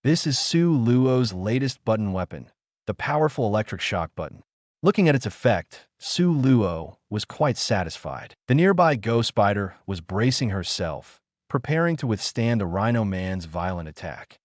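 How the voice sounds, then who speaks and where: A man on the low side of pitch narrates a fan novel's audiobook with drama, punching out the sound effects. His pitch swings widely at a moderate pace, captured in clean studio sound without any room sound.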